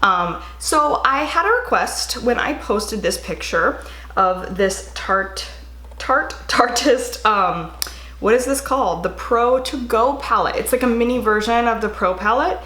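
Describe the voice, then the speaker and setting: A woman's voice: on the high side, unhurried. A young woman chatting casually with fillers as she shows a makeup tutorial. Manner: calm, quieter voice-over narration. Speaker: beauty vlogger. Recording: echoey room.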